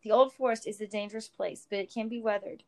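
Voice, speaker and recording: A woman voicing an emotional, loving hobbit father who speaks loud and firm. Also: mid-range voice, fairly even intonation, quick pace, close to an everyday voice. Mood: commanding. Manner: loud, firm, then tearful and joyful.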